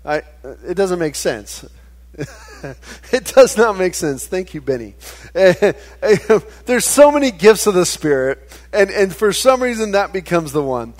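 Animated, higher-pitched male pastor preaching. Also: measured pace. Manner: conversational, animated preaching with stammered restarts. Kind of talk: sermon.

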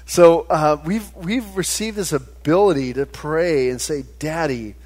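Animated, higher-pitched male pastor preaching. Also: a little slow. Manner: conversational, animated preaching with stammered restarts. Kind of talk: sermon.

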